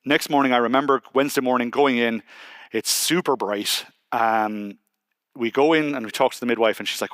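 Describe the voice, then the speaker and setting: A man's voice: mid-range voice, fairly quick, no echo. Irish man telling a story on stage. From Ireland. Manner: conversational, quotes people in lively asides. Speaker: conference speaker. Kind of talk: conference talk, personal storytelling. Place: conference hall stage.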